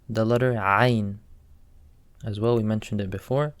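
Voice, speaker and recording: A man teaching pronunciation slowly and carefully, repeating each sound to demonstrate it. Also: medium pitch, fairly even intonation, gravelly, a little mellow, dry recording. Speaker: recitation teacher. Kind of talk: instructional explanation.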